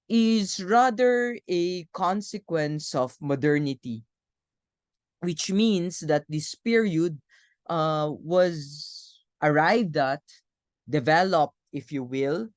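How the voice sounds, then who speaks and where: A woman with a Filipino accent delivers a university philosophy lecture at an unhurried pace, in a somewhat low voice. She speaks in a measured way, reading passages aloud with the odd filler. The recording is dry and close, with no room sound. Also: darkish tone, dry recording.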